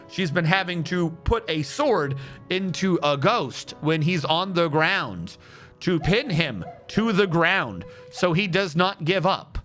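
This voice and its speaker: A man's voice: fairly high pitch, fairly bright tone. A man streaming a game, chatting casually and telling a joking story with frequent laughter. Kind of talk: casual gaming stream chat.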